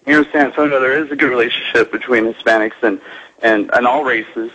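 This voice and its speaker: A man's voice: medium pitch, a little fast, sharp tone. A man from South Texas, calling in as a local activist and telling an earnest story, sometimes acting out other people's voices. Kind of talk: phone-in account. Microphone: phone. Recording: dull lo-fi phone line.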